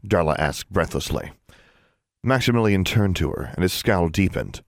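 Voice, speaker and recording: A man narrating an audiobook with a deep, low voice. His delivery is expressive and the pitch rises and falls freely. The sound is dry and close to the mic. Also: normal speed, creaky, dry recording. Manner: expressive storytelling.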